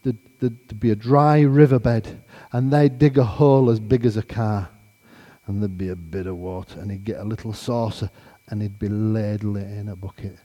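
A man giving an animated storytelling testimony, acting out the conversations as he goes. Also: fairly low pitch, normal speed, long reverb tail.

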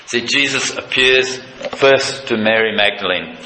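Impassioned preacher man, bright echoey voice. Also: measured pace. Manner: impassioned, leaps from low intimacy to high excited pitch. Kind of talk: sermon. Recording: echoey room with faint noise.

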